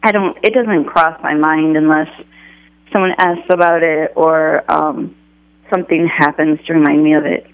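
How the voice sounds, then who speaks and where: A man being interviewed as an author, speaking haltingly with lots of fillers as he thinks back. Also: a little high, fairly even intonation, clear, resonant tone, no echo, highs cut off. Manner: halting, many fillers, thoughtful. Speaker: author guest. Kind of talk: conversational interview.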